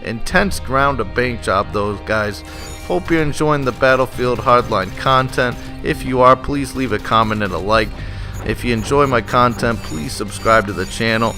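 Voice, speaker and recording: A man's voice: medium pitch, moderate pace, bright, forceful tone. Male gaming host, loose profane play-by-play over game music. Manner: casual, swears freely. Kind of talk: gameplay commentary.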